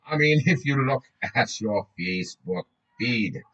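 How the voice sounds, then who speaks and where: A man's voice: medium pitch, animated, a little slow, fairly bright tone, dull audio. A man reading a book aloud in a casual way, often breaking off to joke, swear and laugh.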